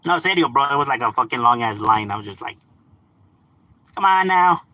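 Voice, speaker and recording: A bright, bouncy man's voice, swinging high and low as he chats casually on a livestream. His tone is husky and close to the mic. He is full of slang, slips into Spanish, and laughs easily. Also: animated, fast talker, no echo. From Los Angeles, California. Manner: slangy, laughs often, switches into Spanish words. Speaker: livestream host reading chat.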